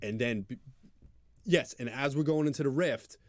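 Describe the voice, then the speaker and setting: A man's voice: mid-range voice, normal speed, dry recording. A man co-hosting a podcast, adding laid-back, jokey asides while improvising a story with a friend. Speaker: podcast co-host.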